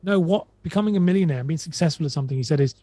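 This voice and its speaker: A man's voice: fairly high pitch, rapid-fire, mellow, no echo. A man on a podcast who chats casually, rambling and retelling quotes with many restarts. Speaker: podcast guest. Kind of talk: casual conversation.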